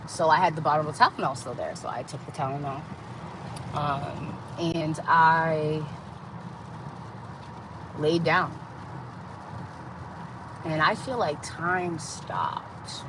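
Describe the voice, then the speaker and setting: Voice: mid-range voice, a little slow, long pauses, background noise. A podcast host giving a candid personal testimony, acting out the voices of the people in the story. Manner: candid, acts out quoted dialogue.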